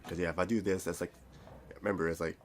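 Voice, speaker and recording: Deep-voiced man rambling through a visual novel. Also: fairly even intonation, fast talker, a little hiss or hum. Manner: rambling, stumbles and restarts, self-mocking asides. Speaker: player reading a visual novel aloud. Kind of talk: reading a game aloud with commentary.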